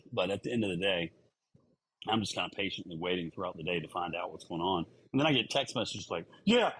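A man co-hosting a podcast, calmly explaining his side in casual chat. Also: fairly low pitch, slight background noise, low-quality recording. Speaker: podcast co-host, coach.

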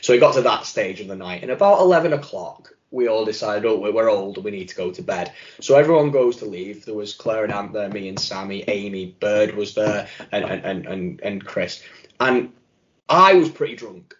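A man's voice: lowish voice, expressive, moderate pace. A man co-hosting a running podcast, telling rambling, sweary anecdotes in a casual way. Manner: chatty storyteller who swears and loudly acts out quotes. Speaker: podcast co-host. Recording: muffled lo-fi audio.

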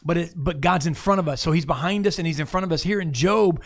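A man's voice: on the high side, fast talker, gravelly, hardly any pauses. A man preaching an off-the-cuff sermon, talking to listeners casually and asking them to look up verses. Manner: conversational, restarts, asks listeners to look up verses. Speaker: pastor.

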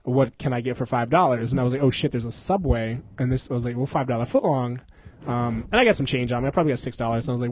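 A man's voice: mid-range voice, rapid-fire, darkish tone, breathy edge, no echo. A young man casually telling a rambling story to friends, laughing often and swearing.

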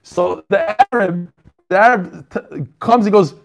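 A man leads an online learning group by video call, speaking at normal speed in a high, expressive voice. The talk is relaxed chatter with the group, full of jokes and greetings addressed by name.

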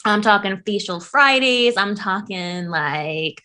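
Laughing, animated young woman. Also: medium pitch, takes it slowly. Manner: animated, laughing, swearing freely. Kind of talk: casual chat.

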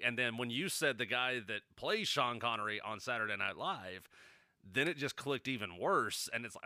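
A man co-hosts a podcast in casual chat, joking, rambling and swearing freely. His mid-range voice is fairly quick with a sharp tone, captured in a dry, clean studio recording.

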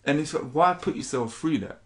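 A man's voice: a little high, expressive, brisk. A man, a spoken word poet chatting casually and reading his poetry. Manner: swears casually, rambling, says "innit".

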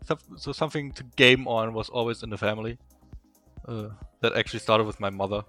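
A young man from Eastern Germany with a strong German accent, a native German speaker, chatting as a podcast guest and telling stories haltingly with many fillers. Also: lowish voice, sharp tone, faint music behind. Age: young adult. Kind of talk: casual interview chat.

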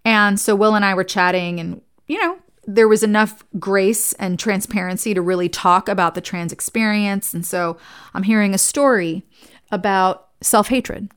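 A woman's voice: medium pitch, normal speed, clear, resonant tone. A woman who is a licensed therapist, giving an earnest, conversational talk to fellow therapists and telling stories along the way.

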